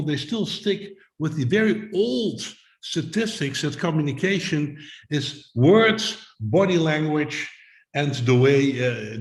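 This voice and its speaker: A man's voice: on the high side, reverberant, low-quality recording. A man giving a motivational talk to a video call audience, explaining with simple images and rhetorical questions. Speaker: summit speaker.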